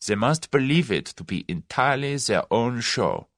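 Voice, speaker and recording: A man doing a clear, deliberate conspirator. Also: medium pitch, sing-song, a bit bright, no room sound, clean studio sound, voice pushed up. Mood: measured. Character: German conspirator, clear-voiced, confident, methodical man.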